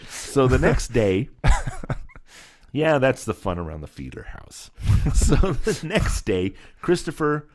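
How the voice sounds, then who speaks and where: A man's voice: medium pitch, takes it slowly. A middle-aged man from Southern California, a special effects artist, telling stories as an interview guest and acting out the people in them. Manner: animated storyteller, acts out voices, laughs often. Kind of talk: casual storytelling interview.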